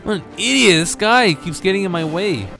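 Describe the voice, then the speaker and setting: A man casually commenting on his own gameplay, switching between excited yelps and shouts and muttered asides. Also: sits high, moderate pace, gravelly, faint music behind. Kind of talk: casual let's play commentary.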